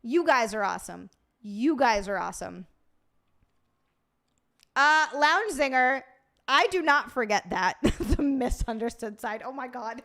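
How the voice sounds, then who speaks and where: Casual woman stream host reading chat, profane and giggly, somewhat high pitch. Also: expressive, a little slow, vocal fry, long pauses, fairly bright tone. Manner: profane, laughing, reacting to chat.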